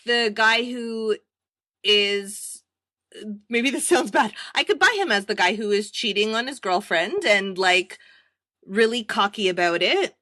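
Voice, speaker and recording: A woman's voice: medium pitch, lively intonation, a little slow, pushed and bright, dry recording, studio quality. A woman co-hosting a casual podcast chat, talking freely and laughing often. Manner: chatty and giggly, laughs often. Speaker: podcast co-host.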